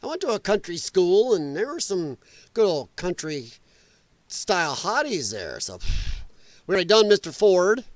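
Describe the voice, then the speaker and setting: A middle-aged man from Illinois hosting a live political stream, his voice sitting high and swinging widely up and down. He is profane and mocking and laughs a lot between jabs. The sound is dry and close, with no room around it. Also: normal speed, no echo. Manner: animated, drops into sarcastic mimicking voices.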